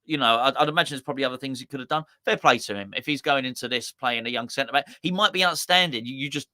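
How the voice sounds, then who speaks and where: A man's voice: medium pitch, fast, pushed and bright, no room sound. A man hosting a live football fan stream, chatting loosely and reading out viewer comments with lots of stammered restarts. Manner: rambling, stammering restarts, chatty and self-deprecating. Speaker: host of fan channel watch-along.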